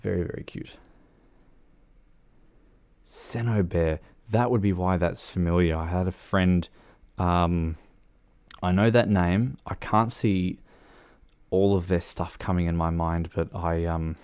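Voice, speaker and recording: A man's voice: low-pitched, fairly even intonation, slow pace, darkish tone, clean tone. A man chatting casually on a game livestream, rambling with many fillers and restarts and joking at his own expense. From New Zealand. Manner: self-deprecating, joking. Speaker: game streamer. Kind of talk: casual livestream chat while driving in a game.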